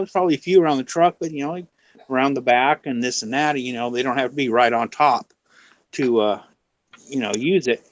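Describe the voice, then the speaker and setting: A man's voice: mid-range voice, normal speed, no echo, low-quality recording. A man chatting as a guest on a live stream, telling a long rambling story and acting out the quotes. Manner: rambling anecdote full of "you know", acting out quotes. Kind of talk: casual storytelling chat.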